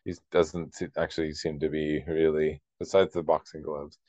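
Deep-voiced man chatting on a dull, dry recording. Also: flat delivery, normal speed, darkish tone, dry recording. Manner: laughs often, chatty. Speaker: podcast co-host. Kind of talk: casual chat.

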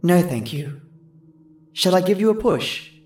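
A man voicing a sad, soft-spoken little girl in a spooky story, her voice soft and distant, sometimes dropping to a whisper. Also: sits high, animated, measured pace, echoey room, voice pushed up. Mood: gentle.

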